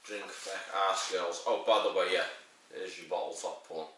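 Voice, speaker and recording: A man's voice: sits low, steady tone, normal speed, pushed and bright. Echoey, distant, crude man. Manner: rambling, crude, jokey. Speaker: beer reviewer. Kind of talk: casual sweary review monologue. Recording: very echoey room, mic at a distance.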